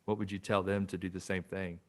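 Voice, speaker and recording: Brief: male podcast host, very low and level voice, reflective and unhurried with fillers. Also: level tone. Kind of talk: casual interview.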